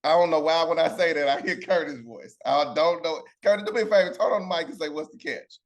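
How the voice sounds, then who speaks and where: A man's voice: a little high, fast. Man, Bible study teacher on a video call, loose and chatty, pulls in his group with "right?". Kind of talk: casual Bible lesson.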